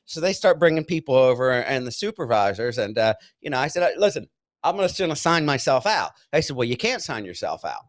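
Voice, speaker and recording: A man's voice: medium pitch, fairly quick, dry recording. A man telling a rehab story in casual podcast chat, laughing often and acting out what people said. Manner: animated storyteller, yells out quoted lines, laughs often.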